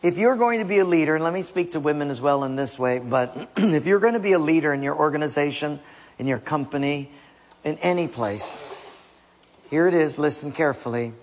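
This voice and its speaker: A man preaching a sermon with a gravelly, husky voice, acting out scenes in changing voices. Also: a little high, expressive, fairly quick. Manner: acts out biblical and household scenes in shifting voices. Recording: long reverb of a large hall.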